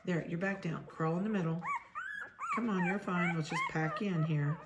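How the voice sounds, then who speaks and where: A middle-aged woman from Ohio, a dog breeder, chatting casually as she handles puppies and talks softly to them. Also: fairly low pitch, moderate pace, heavy background noise.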